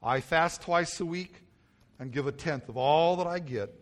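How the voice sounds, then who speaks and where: A man's voice: on the high side, a little slow, in a large hall, natural voice. Smug self-righteous pharisee guy, bragging in prayer, a bit raised and pushy, as a preacher puts him on. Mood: boastful. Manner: boastful, listing others' sins. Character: proud, self-satisfied male Pharisee praying.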